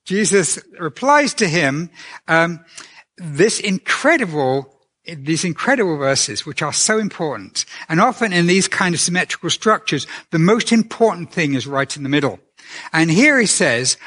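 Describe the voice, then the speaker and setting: Preacher, man, fairly high voice, earnest and gentle, conversational sermon. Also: expressive, unhurried. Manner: earnest and gentle, asks the listeners questions.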